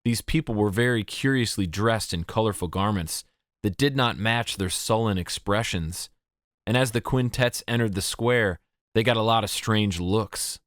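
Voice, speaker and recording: A man with a fairly low voice reads a fantasy audiobook at a measured, steady pace. The sound is dry and close, with no room around it. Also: dry recording. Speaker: audiobook narrator. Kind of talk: scripted narration.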